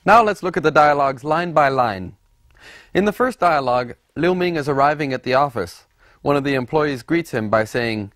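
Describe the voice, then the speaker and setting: A man narrating a scripted language lesson, explaining deliberately and repeating example words for the listener. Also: on the high side, expressive, a bit bright, no room sound, clean studio sound. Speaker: language teacher.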